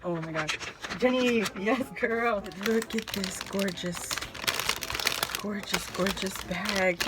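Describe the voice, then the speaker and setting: A woman vlogger chatting casually as she unboxes a craft gift, gushing with excited exclamations. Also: mid-range voice, heavy background noise. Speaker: craft vlogger opening mail.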